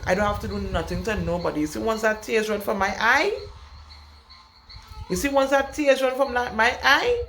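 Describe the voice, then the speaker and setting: A young woman, vlogging an emphatic, blunt rant to camera, repeating her points for weight. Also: medium pitch. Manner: emphatic, repetitive, speaks her mind bluntly. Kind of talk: casual storytime rant to camera. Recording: echoey room with faint background noise.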